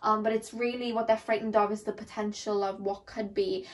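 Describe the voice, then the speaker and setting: A woman's voice: mid-range voice, level tone, brisk. A young woman giving a casual tarot reading, talking in a rambling, chatty way full of "like" and "um". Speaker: tarot reader.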